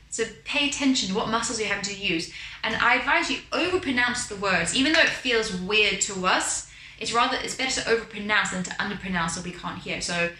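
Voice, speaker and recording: A woman vocal coach with a medium-pitched, sharp voice briskly leads a beginner singing lesson, demonstrating exercises and overpronouncing her words. The recording is roomy, with piano in the background.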